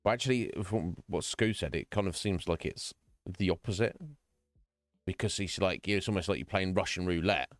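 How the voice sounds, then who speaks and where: A man with a low, deep voice talks earnestly to his stream chat, rambling and restarting his sentences as he goes. The sound is dry and close, with no room echo. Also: moderate pace, soft background music. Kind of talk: casual chat.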